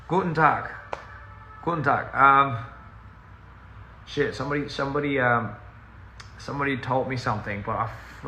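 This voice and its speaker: A man talking loosely to his viewers over a phone livestream, drifting off topic and laughing at himself as he switches between English and Korean. His voice is bright with a gravelly edge. The sound is roomy and echoey, with a faint hum of ambience behind him. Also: medium pitch. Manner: rambling, easily sidetracked, laughs often; mixes in Korean and scraps of other languages. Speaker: recording artist on a livestream. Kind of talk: casual livestream chat with viewers. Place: in a house.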